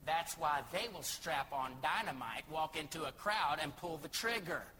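A man's voice: a little high, lively intonation, moderate pace, pushed and bright, a little hiss or hum, poor audio. A man from Texas, a missionary preacher, giving a dramatic sermon and acting out the people in the Bible story. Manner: dramatic, acts out biblical speakers.

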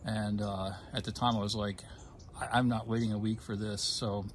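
A man telling a personal story in casual conversation, halting with fillers and restarts and getting emotional at times. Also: lowish voice, flat delivery, a little hiss or hum. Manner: emotional, gets choked up. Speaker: guest telling his story.

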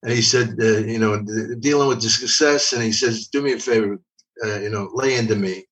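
Rambling older comedian from Philly. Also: male voice, on the low side, fairly quick, a bit bright. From Philadelphia. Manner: rambling, repeats words, profane. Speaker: guest comedian. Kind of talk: casual storytelling. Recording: voice from a distance.

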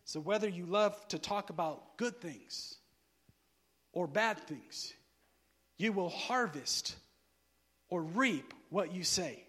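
A man preaching a sermon, asking the listeners to fill in words and swinging between quiet, low asides and loud, shouted emphasis. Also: lively intonation, slow pace, pauses often. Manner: asks the crowd to finish his sentences.

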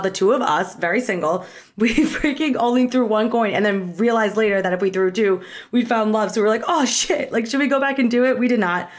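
A young woman telling a travel story in a casual, bubbly, chatty way, acting out bits of dialogue. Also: medium pitch. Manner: bubbly and chatty, lots of fillers and quoted dialogue. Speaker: vlogger.

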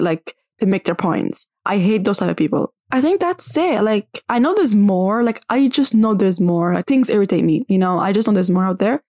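A woman's voice: medium pitch, no room sound. Blunt young woman ranting, dry sound. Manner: blunt, animated, says "like" constantly. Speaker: vlogger. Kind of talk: casual rant to camera.

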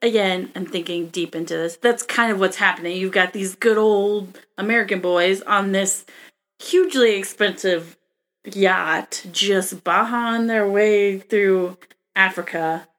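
A woman's voice: medium pitch, fairly bright tone. A woman co-hosting a podcast, chatting casually about a movie and often trailing off as she looks for words. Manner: slow, searching, trails off mid-thought. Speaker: podcast co-host.

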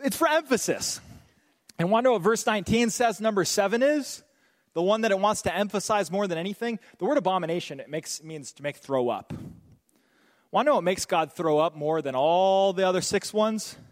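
A young man preaching a sermon as pastor, animated and joking, slipping into quick voiced asides. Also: high voice, long reverb tail.

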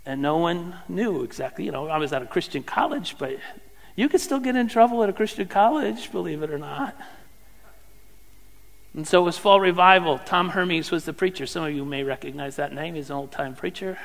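A middle-aged man preaching a sermon, swinging from loud fervent questions to hushed, near-whispered lines. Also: on the high side, creaky. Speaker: pastor. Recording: long hall reverb.

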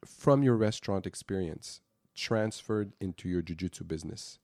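Man, low voice, mellow tone, relaxed interviewer, dry close sound. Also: normal speed, dry recording. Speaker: host, interviewer. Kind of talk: casual interview.

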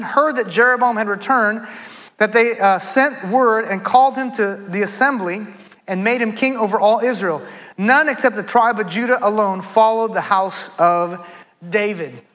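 Guy preaching a sermon, really high voice, bright and punchy, chatty retelling of scripture. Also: low-quality recording. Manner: conversational, retells scripture in casual speech. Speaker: pastor.

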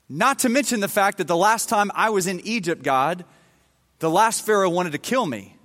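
Higher-voiced man preaching in a reverberant hall. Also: a bit bright. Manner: conversational, retells scripture in everyday slang. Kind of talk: casual Bible-story sermon.

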